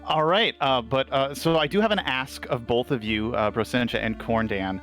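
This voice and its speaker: A man showing off his game run in easy, casual conversation. His voice sits in a middle range, and he keeps the others organized with a relaxed, filler-dotted delivery. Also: mid-range voice, moderate pace, soft background music. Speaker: player presenting a game run. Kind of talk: casual chat.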